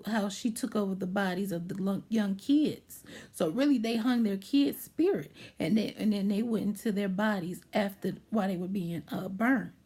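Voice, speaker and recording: A woman's voice: medium pitch, a little mellow, breathy edge. A woman vlogger animatedly retelling a movie plot, checking in with her listener as she goes.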